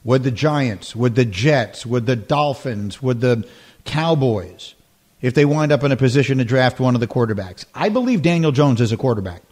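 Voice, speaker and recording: A man's voice: medium pitch, expressive, moderate pace, a little mellow. A man hosting a sports talk radio show, speaking emphatically and repeating his points.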